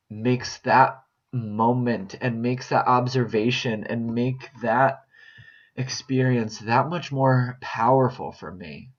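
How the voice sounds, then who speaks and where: Man, reflective monologue, slow and halting, earnest; muffled lo-fi sound. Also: mid-range voice. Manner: earnest, halting, repeats phrases as he searches for words. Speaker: vlogger sharing a personal update. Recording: dull lo-fi recording.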